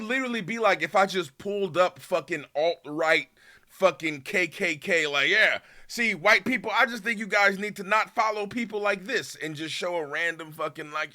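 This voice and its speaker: A man streaming and reacting to a video in a heated, casual rant, swearing often and swinging between loud outbursts and low muttering. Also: normal speed. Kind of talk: casual ranting commentary.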